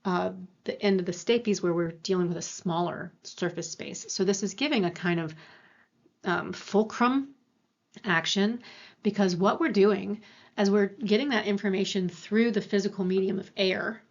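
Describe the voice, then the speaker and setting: A woman's voice: medium pitch, normal speed, lo-fi sound. A woman giving a university lecture in an explanatory way, with many fillers and self-corrections. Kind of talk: recorded lecture.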